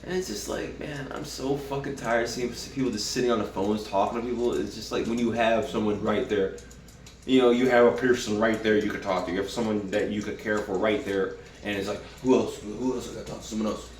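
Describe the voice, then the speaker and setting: A man's voice: lowish voice, fairly even intonation, brisk, slight background noise. A man giving a casual, profane, rambling spoken review of a TV episode, with frequent restarts. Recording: roomy, from a distance.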